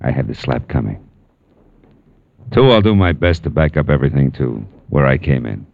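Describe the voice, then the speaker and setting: Philip Marlowe, wry private eye. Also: male voice, very deep voice, very animated, normal speed, gravelly, heavily acted. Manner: wry, clipped, sardonic. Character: hard-boiled male private detective, wry and tough. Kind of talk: 1940s radio acting. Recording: dull old radio broadcast with music.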